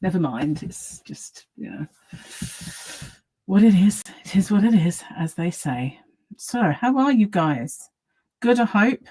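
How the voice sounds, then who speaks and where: A woman's voice: on the low side, warm tone, poor audio. A woman chatting casually on her live stream from home, greeting viewers by name and rambling about her day.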